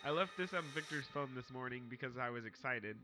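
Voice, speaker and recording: A man's voice: medium pitch, lively intonation, fast, over music, rough recording. A man co-hosting a podcast in casual comedic banter, laughing often. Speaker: podcast co-host.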